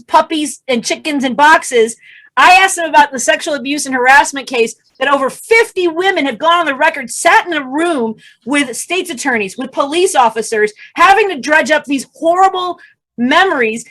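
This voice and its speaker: A woman's voice: high-pitched, a bit bright. A woman comedian telling a story on a video call. She acts out the quotes and laughs often. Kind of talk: stand-up storytelling.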